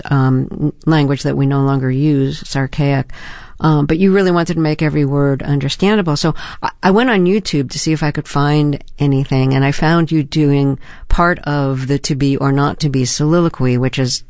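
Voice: medium pitch, steady tone, normal speed, few pauses, a little mellow, no room sound, studio quality. An interview host asking an actor long, conversational questions, with frequent ums and likes.

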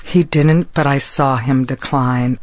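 A woman being interviewed, speaking thoughtfully and slowing down as she searches for the right words. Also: extremely low pitch, steady tone, a little mellow, a little hiss or hum. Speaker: interview guest. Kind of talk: reflective conversation.

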